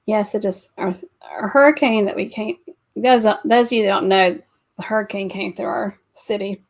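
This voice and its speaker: A woman's voice: medium pitch, normal speed, vocal fry. A woman co-hosting a casual livestream chat, laughing often between remarks. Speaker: livestream co-host.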